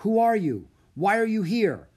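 A man's voice: high-pitched, sing-song, a little slow, a little mellow, breathy edge, pitched above the performer's own voice, heavily acted. A man voicing a curt teenage girl. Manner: curt, abrupt.

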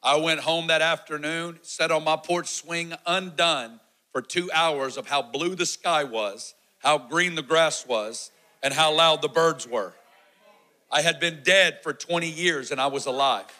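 A man in his forties delivering a sermon testimony with a bright, forceful voice that sits a little high. He tells his story with animated energy, acting out the shouts and quoted lines. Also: measured pace, rough recording. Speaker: preacher.

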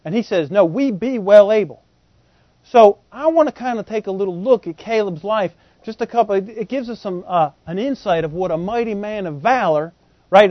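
A man preaching with a high-pitched voice in a folksy, joking way, full of slang. He keeps turning to the congregation with questions. The recording is dry and a bit dull. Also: no room sound. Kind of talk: sermon.

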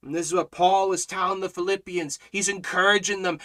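Fervent high-voiced man teaching scripture. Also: steady tone, brisk. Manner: impassioned, preacherly, swinging from loud exhortation to quiet emphasis. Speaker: Bible study teacher. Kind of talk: fervent Bible study teaching.

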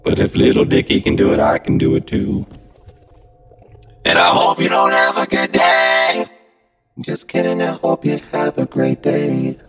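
A man talks through a voice changer app in a rambling, profane, half-sung podcast bit. The processed voice is gravelly and leaps all over the place while he drags the words out slowly. Loud music plays under him, and he is recording on a phone. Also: fairly high pitch, huge pitch swings. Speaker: podcast host. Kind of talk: half-sung comic monologue.

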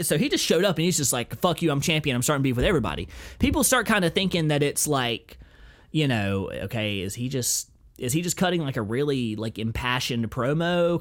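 A young man hosting a podcast, telling a story in a profane, rambling, excitable way. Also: a little high. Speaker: podcast host. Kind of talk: casual chat.

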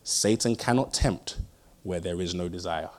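A man's voice: low-pitched, moderate pace, darkish tone. A man, preaching a sermon, telling stories and driving points home with emphatic repeated phrases. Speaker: pastor.

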